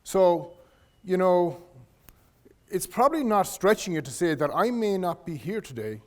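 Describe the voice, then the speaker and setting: A middle-aged man giving a leadership lecture to students, telling career stories in a conversational way and often restarting his phrases. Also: fairly high pitch. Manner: anecdotal, restarts phrases, addresses audience directly. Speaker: guest lecturer. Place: lecture hall.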